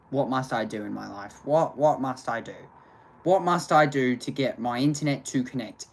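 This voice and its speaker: A man commentating a race for his own live stream, with a voice of ordinary middle pitch. He talks in a chatty, rambling way and bursts into loud, repeated exclamations when things go wrong. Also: moderate pace.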